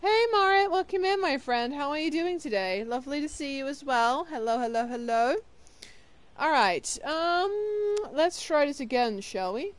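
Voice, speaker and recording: A young woman streaming a game, chatting casually with viewers, tired and yawning, with excited bursts of greeting. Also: high-pitched, a little slow. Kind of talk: casual live-stream chat.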